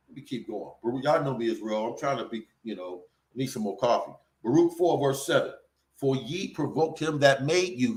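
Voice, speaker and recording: A man giving an informal scripture sermon in casual slang, swinging between loud emphatic bursts and low mutters and drawing words out slowly. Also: expressive, poor audio. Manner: stretches words out slowly for effect. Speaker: preacher.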